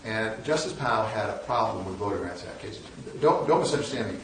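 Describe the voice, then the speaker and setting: A man's voice: lowish voice, expressive, brisk, a little hiss or hum. A man in his sixties telling wry, self-deprecating anecdotes as a guest lecturer, with frequent restarts. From northern United States. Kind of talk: storytelling lecture. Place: large lecture hall. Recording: echoey hall, mic at a distance.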